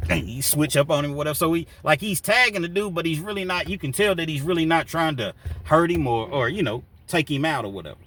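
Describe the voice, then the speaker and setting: A man's voice: medium pitch, a bit bright. A man telling a prison story in a loose, rambling way with lots of "you know, man", recorded from a distance with faint background noise. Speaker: storyteller recounting prison life. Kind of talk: casual spoken storytelling.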